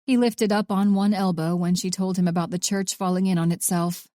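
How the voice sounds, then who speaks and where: A woman narrates a thriller audiobook in a measured, even storytelling style. Her voice is mid-range, and the clean studio recording has no room sound.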